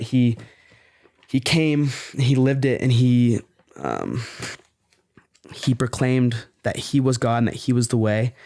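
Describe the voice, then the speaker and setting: A man's voice: mid-range voice, a little mellow, no room sound, studio quality. A man speaking as a podcast guest in earnest, fervent casual talk, often saying "bro".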